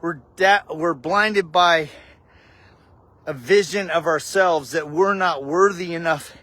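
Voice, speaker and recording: A man's voice: on the high side, slow pace, sharp tone, no echo. A man casually telling a heartfelt personal story with a faith reflection, often saying "dude". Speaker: vlogger.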